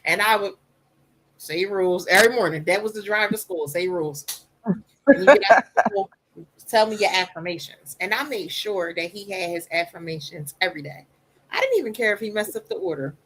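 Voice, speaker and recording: A woman with a soft voice talks openly about her life on a podcast. She is emphatic and animated, and her pitch sits in the middle for a woman. She slips now and then into quick voices of other people. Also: a little hiss or hum, low-quality recording. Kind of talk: candid personal storytelling.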